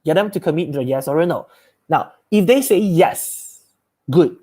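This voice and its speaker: A man's voice: fairly high pitch, lively intonation, normal speed, warm tone. A man, giving a live sales training talk as a coach. He is upbeat and emphatic and repeats his key phrases.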